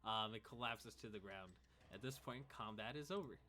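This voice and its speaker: Bright-voiced man running a tabletop game. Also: on the low side, moderate pace, a little hiss or hum. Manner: relaxed, chuckling narration of combat. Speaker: game master.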